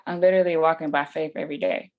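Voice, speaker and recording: A woman with a slightly low voice who tells her story in a lively, slangy way. She keeps jumping into the voices of the people in the story. Her delivery is relaxed and conversational. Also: racing. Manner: animated, slangy, acts out quoted dialogue. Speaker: podcast guest. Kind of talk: casual storytelling interview.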